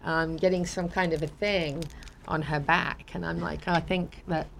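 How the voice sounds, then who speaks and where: British woman host, slightly low voice, chatty, laughs easily, reads sponsor plugs. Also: steady tone, moderate pace, vocal fry, slight background noise. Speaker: talk show host. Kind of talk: casual chat.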